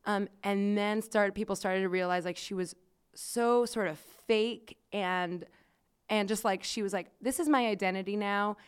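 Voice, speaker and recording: Woman podcast host, smooth clear voice, casual storytelling, chatty and profane. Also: mid-range voice, unhurried. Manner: chatty, swears freely, many "like" fillers.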